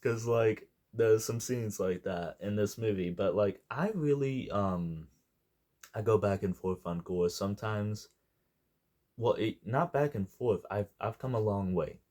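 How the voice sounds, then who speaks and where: A man's voice: on the low side, expressive, a little slow, a little mellow. A young man giving a casual, unscripted movie review, rambling and jokey and wandering off on tangents.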